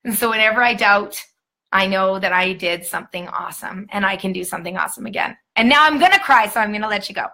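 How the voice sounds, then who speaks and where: A woman's voice: mid-range voice, fairly even intonation, fast, bright, forceful tone. A woman training a new sales team on a live stream, talking in an emphatic, upbeat pep-talk way.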